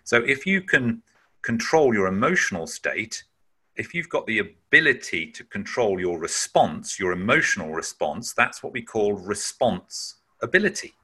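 A man's voice: lowish voice, sing-song, moderate pace, bright, forceful tone, breathy edge. A man giving a webinar talk on managing emotions, explaining emphatically and sometimes acting out sounds. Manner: emphatic, acts out breath-holding sounds. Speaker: webinar speaker.

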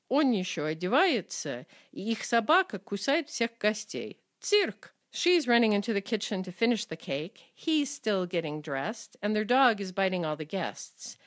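Wry woman narrator, lively pitch, dry close sound, scripted lesson read. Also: dry recording. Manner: reads Russian examples then English translations, dry wry asides. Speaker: language columnist reading her column.

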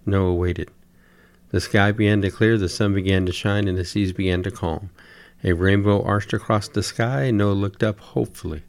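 Low-voiced folksy male storyteller. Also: steady tone, moderate pace, dry recording. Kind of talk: humorous storytelling.

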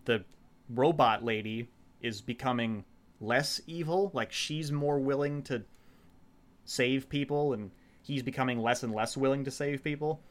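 In casual chat, a man with a mid-range voice recaps a show in a rambling, profane way, quoting the characters in quick voices.

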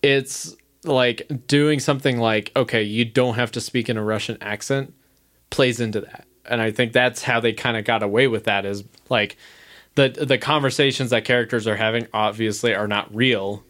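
A man's voice: mid-range voice, fairly even intonation, normal speed, a bit bright. A man co-hosting a podcast in casual chat, rambling and thinking aloud with many "like"s. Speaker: podcast co-host.

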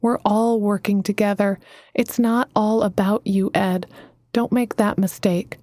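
A woman's voice: mid-range voice, steady tone, unhurried, warm tone, dry recording, studio quality, close to an everyday voice. A woman reading as a cheerful mentor woman. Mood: calm, firm. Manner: cheerful, calls others honey.

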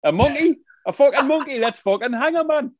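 A man's voice: very high-pitched, expressive, a little fast, a little hiss or hum, voice pushed up. A man putting on a rowdy mock-Geordie fisherman. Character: rowdy northern English fisherman, bloodthirsty.

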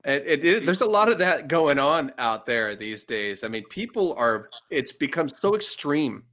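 A man talking in a casual podcast chat, halting and repeating words as he thinks. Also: on the high side, sing-song, a bit bright.

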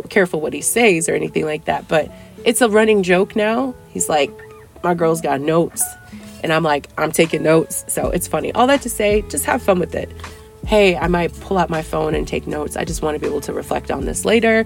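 A young adult woman hosting a casual dating-advice podcast, chatty and playful, acting out little dialogues with big jumps in pitch. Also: fairly quick, creaky, faint music behind. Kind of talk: casual solo podcast talk.

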